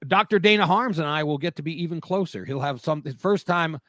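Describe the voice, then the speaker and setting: Fifties male co-host, bright, forceful voice, animated storyteller. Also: on the high side, brisk, dry recording, clean studio sound. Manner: animated storyteller who acts out quoted voices. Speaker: podcast co-host. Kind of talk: casual anecdote telling.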